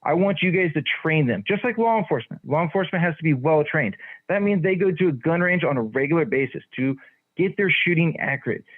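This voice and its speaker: A man's voice: on the high side, lively intonation, quick pace. Guy calling in to complain at a county meeting, annoyed, lots of ums, sounds like a phone line. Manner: frustrated, complaining, hesitant fillers. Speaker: caller giving public comment. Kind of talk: public comment at a county meeting.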